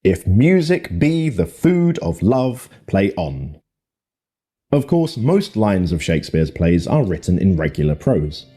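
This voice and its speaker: A man giving scripted narration for an educational video, with a measured, clear explanatory delivery. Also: sits low, mellow.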